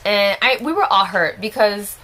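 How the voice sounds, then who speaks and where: Animated and pushed-bright, this mid-range female voice moves at normal speed. The young vlogger is at home with a small child, telling a personal story chattily and emotionally, often exclaiming.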